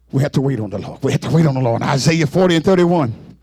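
A man a sermon in a whooping, sing-song style, with sudden exclamations and rapid repeated words. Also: medium pitch, animated, a little mellow, husky, dry recording. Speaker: preacher.

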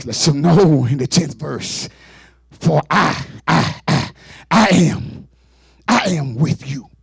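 Man, preacher, fervent sermon, unhurried, husky, dry sound. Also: fairly high pitch, expressive, dry recording. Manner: fervent, call-and-response preaching, rising to shouts.

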